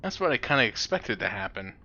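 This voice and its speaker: A male streamer giving chatty, excitable gameplay commentary at home and talking back to his cat now and then. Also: fairly low pitch, quick pace, dull audio.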